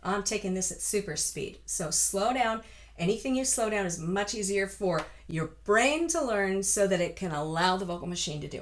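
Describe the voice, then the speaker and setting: Bright, lively woman vocal coach. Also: medium pitch. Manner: chatty and encouraging, breaks into full-voiced singing. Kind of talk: singing lesson with sung demonstrations.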